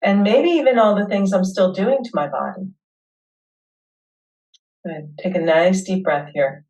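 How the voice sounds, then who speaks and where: A woman hosting a webinar, leading listeners through a guided tapping session with slow, soothing affirmations. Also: medium pitch, a little mellow, far from the mic, dull audio.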